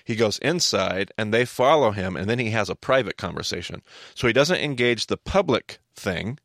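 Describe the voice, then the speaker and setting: Brief: podcast host, man, low gravelly voice, lively Bible teacher, dry close sound. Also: moderate pace, dry recording. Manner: animated, explanatory, repeats words when starting a thought. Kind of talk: casual Bible teaching talk.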